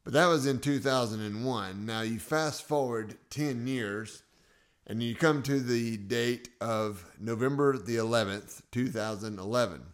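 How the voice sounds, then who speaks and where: A man's voice: mid-range voice, a little slow. A man in his forties hosting his own podcast, telling personal stories in a casual, self-joking way from a studio. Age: 40s. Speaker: podcast host.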